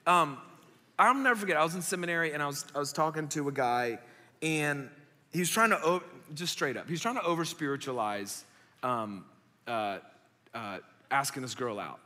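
Animated young male preacher in a hall. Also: fairly high pitch. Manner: animated, conversational, quick asides with filler likes. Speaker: pastor. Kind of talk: sermon. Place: church hall. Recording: reverberant church hall.

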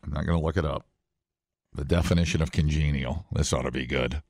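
A man from Wisconsin co-hosting a casual chat, joking and rambling with sudden loud outbursts. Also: very deep voice, steady tone, fairly quick, dry recording. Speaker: podcast co-host.

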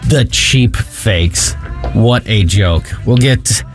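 A man's voice: fairly low pitch, drawn-out words, faint music behind. A man co-hosting a talk radio show, giving opinionated commentary in an indignant, mocking way.

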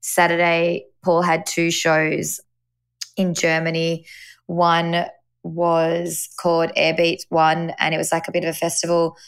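A woman co-hosting a podcast, recounting her week in relaxed, teasing casual chat. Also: lowish voice, measured pace, clear, resonant tone. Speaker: podcast co-host.

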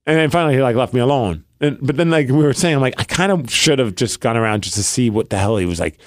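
A man co-hosting a casual podcast, spinning a story with lively ups and downs in his voice. He drops into hushed tones for the lines he quotes. The sound is close and dry. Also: mid-range voice, fast talker, dry recording. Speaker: podcast co-host.

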